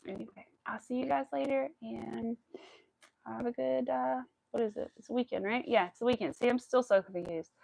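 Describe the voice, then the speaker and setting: A woman's voice: a little high, fairly even intonation, moderate pace, creaky, a little mellow, no echo, rough recording. A woman in her thirties hosting a crochet live stream, emotional and near tears, rambling with many fillers. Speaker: crochet livestream host. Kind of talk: casual live stream chat.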